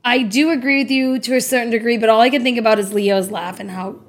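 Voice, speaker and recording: A woman's voice: fairly high pitch, steady tone, fast. A woman co-hosting a casual podcast chat, emotional and blunt, swearing freely as she talks. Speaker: podcast co-host.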